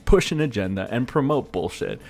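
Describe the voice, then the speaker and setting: Heated, animated male rant. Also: medium pitch, fairly quick, vocal fry, faint music behind. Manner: profane, heated and sarcastic. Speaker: gaming commentator. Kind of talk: ranting commentary vlog.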